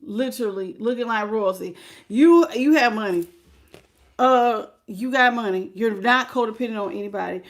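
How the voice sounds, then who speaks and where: A woman, giving a lively, sassy live tarot reading straight to the viewer. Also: fairly high pitch, normal speed. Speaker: tarot reader.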